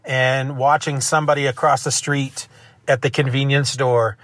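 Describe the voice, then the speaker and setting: This solo podcast host speaks at normal speed into his phone, his medium-pitched, slightly bright voice showing little pitch movement. The casual monologue wanders loosely and includes self-deprecating rants, with no room sound.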